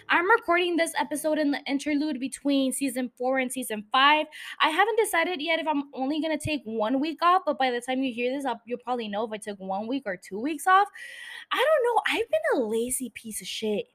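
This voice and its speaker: A woman's voice: high voice, big pitch swings, moderate pace, a bit bright. A woman hosting a solo podcast, talking into a microphone in a blunt, sarcastic, swearing rant. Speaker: podcast host. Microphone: studio microphone.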